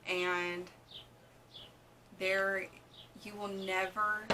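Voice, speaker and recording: Woman vlogger, unhurried heartfelt delivery, noisy home recording. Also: mid-range voice, steady tone. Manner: slow, earnest, with frequent ums and restarts. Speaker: vlogger mom. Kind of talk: casual heartfelt vlog talk.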